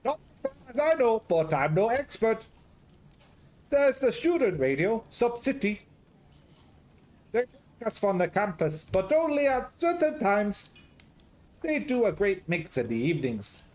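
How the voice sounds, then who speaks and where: A high, loud, exclaiming Greek-Scottish accent belongs to a cheerful middle-aged restaurant owner, put on by a man reading a game aloud. He chats warmly, and his pitch leaps about. Faint noise sits behind him. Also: big pitch swings, measured pace, pauses often. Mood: chatty. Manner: chatty, warm, exclaiming.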